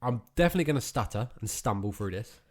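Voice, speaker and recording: A man from England co-hosts a casual podcast chat, speaking fast at a medium pitch with an expressive voice. He's a chatty storyteller who acts out the people he quotes.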